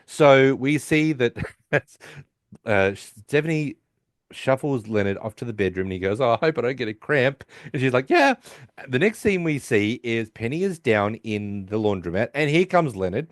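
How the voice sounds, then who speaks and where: Guy on a podcast recapping a tv episode, mid pitch, dry sound, does the characters in squeaky voices. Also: expressive, normal speed, dry recording. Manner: acts out quoted lines in higher voices. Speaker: podcast co-host. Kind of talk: casual chat recapping an episode.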